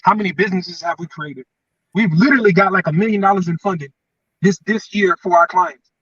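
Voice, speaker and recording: A man's voice: sits high, brisk, a bit bright, slightly rough, no echo, distant mic, dull audio. A man, co-hosting and talking in an emphatic, repetitive, preacher-like way. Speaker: podcast co-host. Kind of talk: motivational casual chat.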